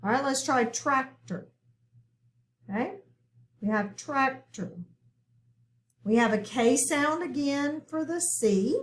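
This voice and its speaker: A woman's voice: sits high, slow pace, pauses often. A woman teaching a recorded phonics lesson, patient and checking in often with her listeners.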